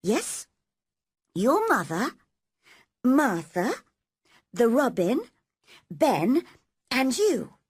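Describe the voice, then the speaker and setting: A woman voicing a lonely, eager young girl who speaks in a rushed, pleading way. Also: a little high, huge pitch swings, husky, no echo, clean studio sound, voice pushed up, full character voice.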